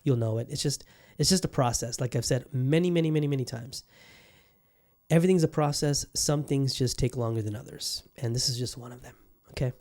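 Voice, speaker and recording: Man, podcast host, casual monologue, warm dark tone, profane, rambling. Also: medium pitch, fairly quick. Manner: loose and profane, many fillers and restarts.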